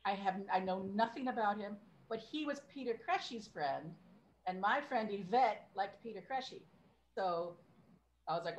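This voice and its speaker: A woman's voice: mid-range voice, expressive, normal speed, highs cut off. A woman in her fifties, a podcast guest, chatting casually and laughing at herself. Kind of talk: casual chat.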